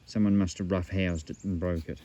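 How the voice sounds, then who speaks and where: An Australian man excitedly showing off metal detecting finds at an old rubbish dump, in a casual outdoor vlog full of slang. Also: sits low, a little fast, dull audio.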